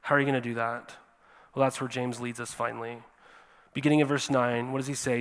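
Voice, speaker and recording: A man preaching a sermon as pastor, animated and often checking in with his listeners. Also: medium pitch, brisk, in a large hall. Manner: animated, repeats "right?" to the congregation. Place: church sanctuary.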